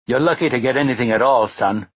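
A man's voice: medium pitch, fast talker, husky, dry recording, voice pushed up, lightly acted. A man voicing a weary middle-aged male ex-priest who speaks in a dry, wry way. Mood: teasing.

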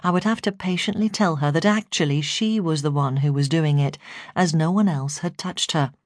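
A woman narrating a memoir in a calm, measured storytelling voice. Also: deep voice, no room sound, studio quality. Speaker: audiobook narrator.

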